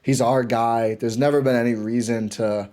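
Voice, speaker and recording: A man guesting on a sports podcast, talking like an excited fan and often restarting his sentences. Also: mid-range voice, moderate pace. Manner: enthusiastic fan, rambling with restarts. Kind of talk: casual sports chat.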